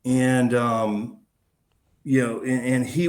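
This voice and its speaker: A man's voice: medium pitch, little pitch movement, normal speed. A man, a podcast guest, recounting a personal story in a casual, slangy way. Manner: casual and slangy, calling the host man and dude.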